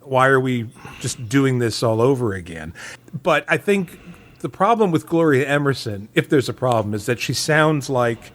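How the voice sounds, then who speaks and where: A man's voice: medium pitch, animated, moderate pace, a bit bright. Rambling man thinking aloud on a podcast. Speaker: podcast co-host. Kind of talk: casual podcast discussion.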